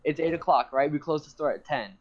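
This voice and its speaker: A man's voice: a little high, fast. Rambling young man telling a story. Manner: rambling, animated, profane, laughs often. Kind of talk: casual storytelling. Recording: dull lo-fi sound.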